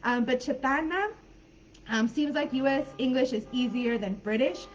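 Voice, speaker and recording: A woman teaching English in a live online class, friendly and chatty, laughing often and filling pauses while she thinks. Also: high-pitched, slight background noise. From California. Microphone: video call. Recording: dull lo-fi video call audio.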